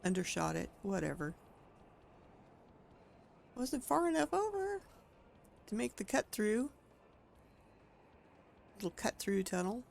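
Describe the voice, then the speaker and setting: A woman's voice: mid-range voice, big pitch swings, takes it slowly, creaky, long pauses, a little mellow, a little hiss or hum. A woman streaming a video game, talking casually as she plays, thinking aloud and exclaiming at what she finds. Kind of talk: casual gameplay commentary.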